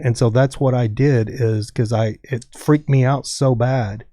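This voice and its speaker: A man's voice: on the low side, mellow, no room sound, clean studio sound. A man from Texas telling a rambling story as a podcast guest, dropping "dude" often. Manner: rambling, says dude a lot. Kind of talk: casual storytelling.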